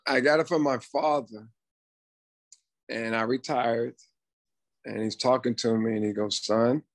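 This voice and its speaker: A man's voice: medium pitch, steady tone, unhurried, no room sound. A man in his fifties, a former ballplayer and coach, chatting casually as a podcast guest and acting out past conversations as he tells them. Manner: storytelling, quotes himself and others in dialogue.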